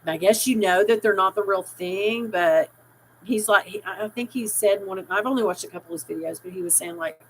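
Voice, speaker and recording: A woman's voice: mid-range voice, brisk, a bit bright, slight background noise, low-quality recording. Chatty middle-aged woman live streaming. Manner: chatty, rambling, reads out chat comments, laughs easily. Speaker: livestream host. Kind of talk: casual live stream chat.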